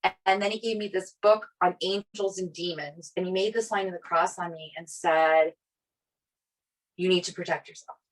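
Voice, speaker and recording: At a moderate pace and in a lowish register, this woman co-hosts a podcast and recounts something from her own life. She's from an Italian family, an animated storyteller who voices the people she quotes and scatters "like" throughout.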